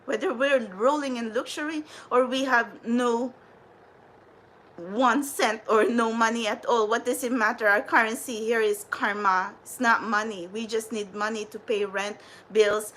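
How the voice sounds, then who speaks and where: A woman's voice: on the high side, steady tone, unhurried, fairly bright tone, a little hiss or hum, poor audio. A woman hosting a spiritual livestream, ranting in a profane, defiant and rambling way.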